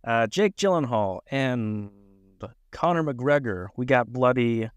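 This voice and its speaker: A man co-hosting a podcast in casual chat, loose and rambling, quick to laugh. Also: medium pitch, animated, smooth, no room sound. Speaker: podcast co-host.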